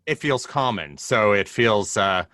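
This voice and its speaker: A man's voice: fairly low pitch, animated, unhurried, pushed and bright, dry recording, clean studio sound. A man on a tabletop podcast, reasoning aloud thoughtfully with hesitant fillers. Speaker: podcast player. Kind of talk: casual podcast chat.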